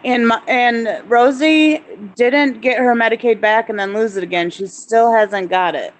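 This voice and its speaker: A woman's voice: fairly high pitch, measured pace, a little hiss or hum, low-quality recording. A woman hosting a live stream, explaining things at length in a chatty, rambling way. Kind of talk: casual chat.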